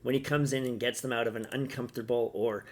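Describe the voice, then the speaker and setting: A man's voice: medium pitch, steady tone, fast talker. A man delivering a sarcastic, indignant opinion rant as a vlog commentator.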